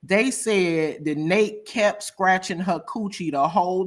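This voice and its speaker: A woman hosting a casual live-stream reaction chat who talks in a dramatic, gossipy way, laughs loudly and often, and swings between loud outbursts and quiet asides. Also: on the low side, slow pace.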